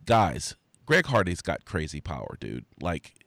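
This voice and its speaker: A man's voice: deep voice, huge pitch swings, a little slow, creaky, fairly bright tone, no echo, clean studio sound. A man with a cold co-hosting a podcast, reading fight results in jokey casual sports chat. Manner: jokey, throws in silly impressions. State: has a cold. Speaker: podcast co-host.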